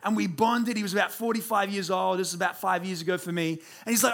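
Man, late twenties, pastor, high voice, animated self-deprecating sermon story, church room. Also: quick pace, vocal fry, hardly any pauses. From Australia.

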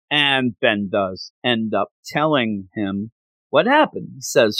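A man casually retelling a story in an animated way with joking asides. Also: mid-range voice, unhurried, dry recording.

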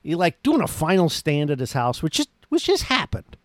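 Casting: male podcast host, slightly higher voice, loose excited movie recap, dry booth sound. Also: normal speed, no room sound. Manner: rambling, enthusiastic, lots of "like" and restarts.

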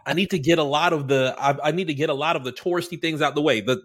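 A man co-hosting a podcast, chatting loosely and swearing freely. His voice sits a little high for a man. When he quotes someone, he drops into a much deeper tone. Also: fast talker, a bit bright. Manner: loose and profane, acts out quoted voices deep and low. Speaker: podcast co-host. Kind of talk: casual chat.

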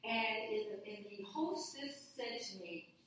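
A woman guest talks with passion and emphasis, circling back on her key phrases. Her voice sits a bit high. The mic sits far off in a very echoey room with a faint hiss behind her. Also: lively intonation, a little slow, fairly bright tone. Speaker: law professor guest. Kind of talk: passionate conversational interview.

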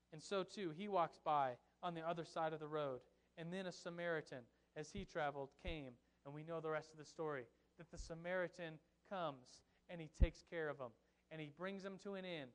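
A young man preaching a sermon as pastor, telling a Bible story in an animated, joking way with asides to his congregation. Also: a little high, normal speed, clear, resonant tone.

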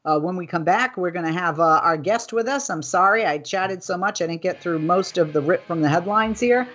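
Breathy, animated woman hosting a news podcast. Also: lowish voice, brisk. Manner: animated, indignant, talking off script. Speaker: host.

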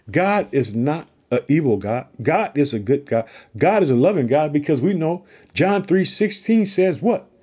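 A man's voice: a little high, warm tone, slightly rough. A man preaching through a psalm, reading verses aloud and urging listeners he calls family to trust and pray. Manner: repeats catchphrases between verses. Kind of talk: Bible teaching talk.

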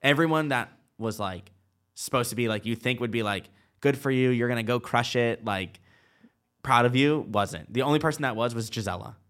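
A man's voice: medium pitch, moderate pace, a bit bright. A man in his twenties telling a long personal story in casual chat, full of "like" and quoted dialogue. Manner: chatty, lots of "like" and quoted dialogue. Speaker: guest.

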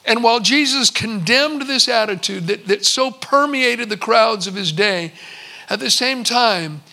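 A man in his sixties preaching a sermon, telling stories and slowing for emphatic pauses. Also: extremely high pitch, vocal fry, bright, forceful tone. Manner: storytelling, with slow emphatic pauses. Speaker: pastor.

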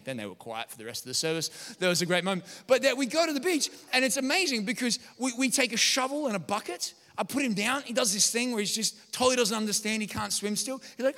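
A man, a pastor preaching a sermon with energetic, joking storytelling. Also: high-pitched, fast talker, few pauses, in a large hall. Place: large church hall.

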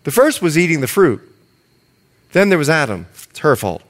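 A man preaching a sermon in an animated way, talking straight to his congregation and slowing down softly for scripture. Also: on the high side. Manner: animated, reads scripture slowly and softly, addresses the congregation directly.

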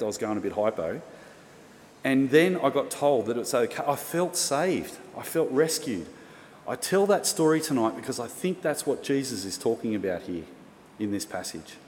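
An Australian man preaches a storytelling sermon at normal speed, his medium-pitched voice expressive and darkish in tone. He relates a personal story in a chatty, casual style with self-mocking humour, recorded in a reverberant hall with faint room noise.

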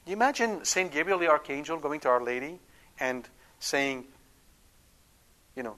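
A man's voice: medium pitch, a little fast, long pauses, bright, forceful tone. A man giving an emphatic Catholic teaching talk, often checking in with his listeners. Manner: acts out quoted prayers. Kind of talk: catechetical talk.

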